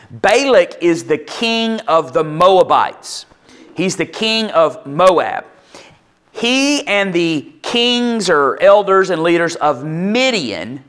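A man's voice: a little high, fairly bright tone. A man preaching a conversational sermon to his congregation, with asides and restarts, acting out quoted lines in a livelier voice. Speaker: pastor.

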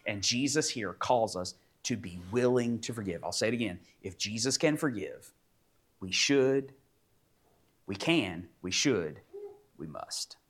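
A man in his forties preaching a sermon as pastor, emphatic and animated, acting out little quotes. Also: on the low side. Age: 40s.

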